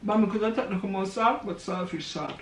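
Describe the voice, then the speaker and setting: A man, bantering loudly in a garden as co-host of a cooking vlog. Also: high-pitched, fast. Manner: loud bantering exclamations. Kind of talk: casual cooking chat. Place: outdoor garden. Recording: echoey, distant, faint noise.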